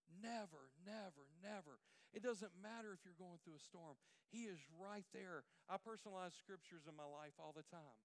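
A pastor preaching a sermon, swinging between hushed near-whispers and loud, emphatic lines. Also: male voice, on the high side, a little fast.

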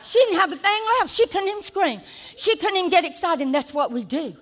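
Older woman, preacher, high voice, animated sermon with shouted peaks, long hall reverb. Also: a little fast. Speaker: pastor.

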